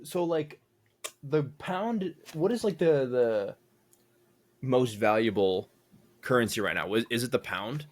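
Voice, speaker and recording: A man's voice: medium pitch, lively intonation, measured pace, pauses often. A young American man co-hosting a casual podcast chat, rambling and thinking aloud with lots of fillers. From United States. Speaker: podcast co-host.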